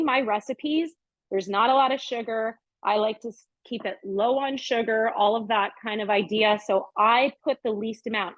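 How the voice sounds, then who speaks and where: A cooking show host, middle-aged and fairly high-pitched, chats in an upbeat way while giving a casual demonstration in her home kitchen. The recording is dry, dull, and lo-fi.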